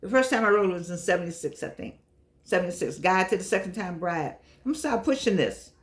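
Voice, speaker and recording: An older woman chatting casually to her viewers in a vlog, lively and affectionate, wandering from one aside to the next. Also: fairly low pitch, fast talker. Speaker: vlogger.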